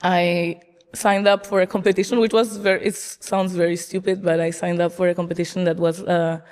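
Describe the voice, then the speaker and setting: A woman from Peru, a chef guest in an interview, telling stories in a lively way and laughing often. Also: lowish voice, brisk, in a large hall. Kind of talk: casual interview storytelling.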